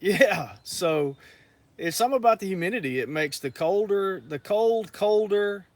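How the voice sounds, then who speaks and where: A man's voice: sits high, animated, moderate pace, no room sound. A man, chatting easygoingly and reading out comments from viewers. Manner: easygoing, chats with viewers, laughs often. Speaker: farm co-host reading live comments. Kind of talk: casual chat.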